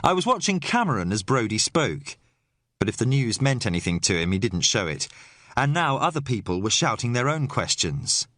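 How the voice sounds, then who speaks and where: A man's voice: mid-range voice, very animated, moderate pace, fairly bright tone, no room sound. Man narrating a thriller audiobook, dry. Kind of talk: scripted first-person audiobook narration.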